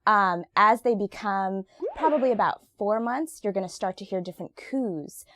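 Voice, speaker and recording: A woman's voice: medium pitch, moderate pace, fairly bright tone, a little hiss or hum. A woman speech-language pathologist explaining infant speech development in an emphatic, friendly chat. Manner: emphatic, says absolutely often. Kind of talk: expert explaining in casual chat.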